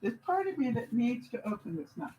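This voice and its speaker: A woman's voice: on the high side, a little fast, husky, muffled recording. Chatty woman vlogger. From Canada. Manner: animated, chatty, laughs often while telling stories. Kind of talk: casual storytelling to camera.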